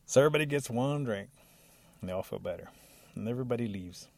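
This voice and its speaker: A man telling a folk tale on a radio show in a relaxed, lively way. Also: mid-range voice, fast, creaky, no room sound. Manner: relaxed, lively narration with occasional laughs. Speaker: storyteller.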